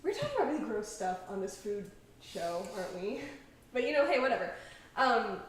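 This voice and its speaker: A woman's voice: mid-range voice, very animated, normal speed, slight background noise. A young woman hosting a cooking show, telling stories in casual chat with many fillers. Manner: chatty storyteller, many "like"s and laughs. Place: home kitchen. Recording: echoey kitchen, mic far off.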